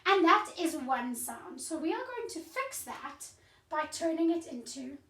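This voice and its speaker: A woman teaching a phonics lesson to young children in a slow, clear teacherly voice, sounding out letters, heard from a distance in a roomy space. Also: sits high, sing-song, sharp tone. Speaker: primary school teacher.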